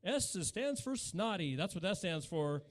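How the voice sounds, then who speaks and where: Brief: forties stand-up comic, high-pitched, chatty and mock-incredulous, works the room on a handheld mic. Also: male voice, very animated, moderate pace. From Utah. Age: 40s. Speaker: stand-up comedian. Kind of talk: live stand-up comedy. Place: small cafe stage with a live audience.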